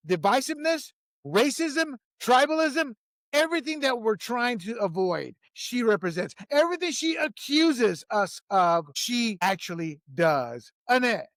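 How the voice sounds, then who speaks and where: Man, political show host, very high pitch, opinionated, emphatic. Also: a bit bright, dry recording, studio quality. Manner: heated, emphatic, laughs at his own jokes.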